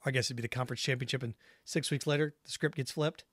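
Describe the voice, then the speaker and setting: A man's voice: medium pitch, fairly even intonation, fast, fairly bright tone, breathy edge, dry recording, studio quality. A man hosting a sports talk show, giving solo commentary in an emphatic, opinionated way and repeating his points for effect.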